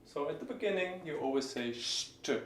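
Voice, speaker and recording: A man teaching German pronunciation, explaining each sound and slowly repeating example words. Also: on the high side, expressive, reverberant. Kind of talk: pronunciation lesson.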